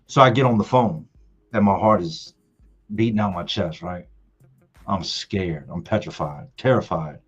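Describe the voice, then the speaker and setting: A man's voice: sits low, unhurried, husky. A middle-aged man telling a story from his family on a live stream, emphatic and repeating words for effect. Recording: dull lo-fi sound with faint music.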